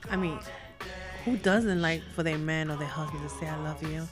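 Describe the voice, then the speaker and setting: A woman's voice: low voice, normal speed, over music. A woman co-hosting a casual relationship talk show, giving short, agreeable replies. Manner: agreeable, brief responses. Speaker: podcast co-host.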